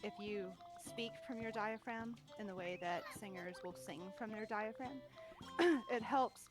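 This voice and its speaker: A woman's voice: mid-range voice, a little slow. Giggly chatty woman, music behind. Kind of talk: casual chat.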